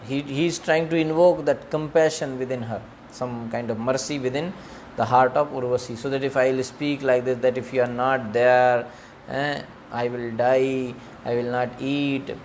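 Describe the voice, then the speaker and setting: A man's voice: mid-range voice, darkish tone. A man giving a devotional scripture lecture, translating verses word by word with frequent fillers. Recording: faint background noise.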